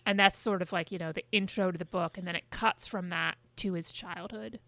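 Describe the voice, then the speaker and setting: A woman's voice: fairly low pitch, steady tone, a little fast, creaky, bright, forceful tone, no echo. A woman co-hosting a podcast in casual chat, talking loosely with plenty of swearing and filler words. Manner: chatty, frequent swearing and hedging fillers. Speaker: podcast co-host.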